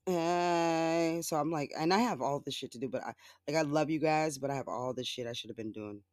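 A podcast host ranting casually about politics alone, sarcastic and profane, laughing often and mimicking others in exaggerated high voices. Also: fairly quick, dry recording, studio quality. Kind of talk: casual solo political rant.

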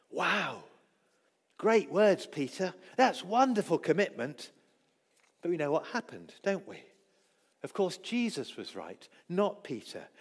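High, lively man preaching in an echoing hall. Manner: acts out quoted voices, swings loud and soft. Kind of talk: sermon. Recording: long echo of a church hall.

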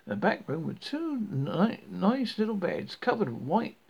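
Guy reading a fairy tale out loud, lots of stumbles, lively up-and-down voice, gravelly, muffled lo-fi audio. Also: high voice. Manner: halting, with frequent stumbles and restarts. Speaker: storybook reader. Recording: dull lo-fi recording.

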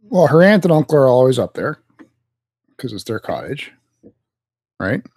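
Male co-host, average pitch, offhand deadpan delivery, dry mic. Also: normal speed, slightly rough, no echo. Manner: laid-back, deadpan, offhand. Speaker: podcast co-host. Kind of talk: casual podcast chat.

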